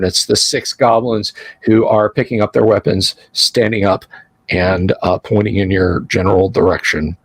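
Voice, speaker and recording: Bedächtiger Spielleiter, trockener Klang. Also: male voice, mid-range voice, no echo, rough recording. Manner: unhurried, halting scene description. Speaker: game master. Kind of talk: narrating a tabletop game livestream.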